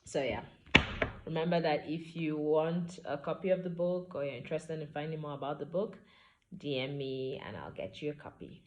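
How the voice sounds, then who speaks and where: A woman author reads her own novel aloud at a calm, unhurried pace. Her voice is low and mellow, and she stays even and relaxed through the narration. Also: lo-fi sound. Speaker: author reading her book.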